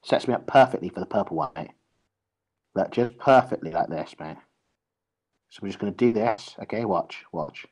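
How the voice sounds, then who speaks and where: A man's voice: sits low, animated, moderate pace, pauses often, a little mellow. A young man streaming a game, swearing and teasing his opponent in casual banter.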